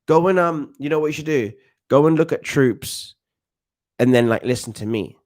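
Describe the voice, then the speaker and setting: Speaking at a normal pace, a man in his thirties from London offers chatty, confident remarks during a football watchalong stream and reads messages from chat. His pitch is on the high side and his tone darkish; it's casual live-stream commentary.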